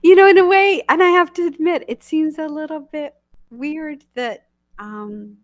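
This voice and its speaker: A woman minister leading a church service, speaking with halting restarts and soft laughs. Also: sits high, no room sound. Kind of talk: emotional casual thanks in an online church service.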